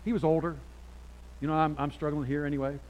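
A middle-aged pastor delivers a sermon in a voice a little high for a man, speaking fast and conversationally with many restarts and personal stories. He swings between soft, confiding asides and sudden loud, animated passages. The recording is low quality, with a little hiss or hum.

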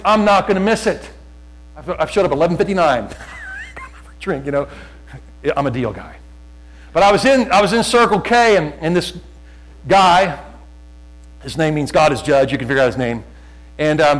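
A middle-aged male pastor preaching a fervent sermon, often loud, repeating words as he builds. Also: sits high, low-quality recording.

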